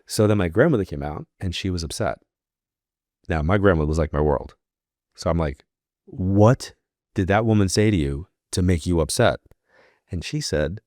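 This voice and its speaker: In close, dry audio with no room echo, a man with a low, deep voice tells a story on a podcast at normal speed. He is a psychic medium appearing as a guest, grew up in New York, and speaks in a relaxed, chatty way while acting out the lines of those he quotes.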